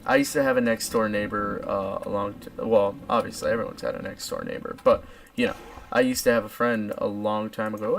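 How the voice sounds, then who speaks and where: A man's voice: fairly low pitch, a little fast, dry recording, recorded from a distance. A young man hosting a let's play video, joking and mock-dramatic while he plays. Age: young adult. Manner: jokey, animated, mock-dramatic. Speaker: gaming video host.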